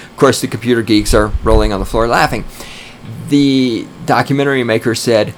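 A man in the middle of a podcast monologue, ranting with emphatic force. His pitch sits in an ordinary middle range, and he drags out words when driving a point home. Faint background noise sits under the voice. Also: steady tone. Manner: emphatic ranting, swears, slows down to stress points. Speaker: podcast host.

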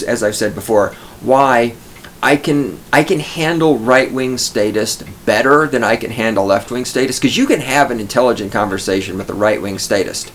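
A man's voice: medium pitch, a little hiss or hum. A middle-aged man from Texas, hosting a podcast and telling a scornful, profanity-laced story as a ranting monologue. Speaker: podcast host.

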